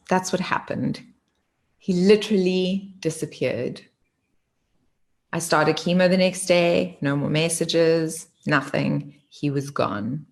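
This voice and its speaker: Young woman, low voice, candid confessional storyteller. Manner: candid, conversational, addresses viewers directly. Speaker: host. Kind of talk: personal storytelling to viewers.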